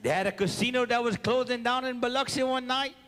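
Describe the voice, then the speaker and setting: A man with a Cajun accent spins stage tales in an unusually high, bright voice, mixing in French words and clattering sound effects. He takes his time, and his voice rides long hall reverb over a faint crowd. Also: fast. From South Louisiana. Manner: animated, drops into French phrases, acts out sound effects. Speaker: comedic storyteller. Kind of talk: live stand-up storytelling. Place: live venue with an audience.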